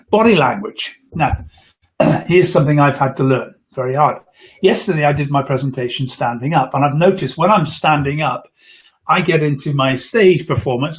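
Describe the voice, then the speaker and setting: A man coaching public speaking in a live video, talking earnestly into a close microphone and often restarting his words. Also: fairly high pitch. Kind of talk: live-streamed speaking tips. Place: indoors, in front of a camera for a live video. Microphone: close microphone at a computer.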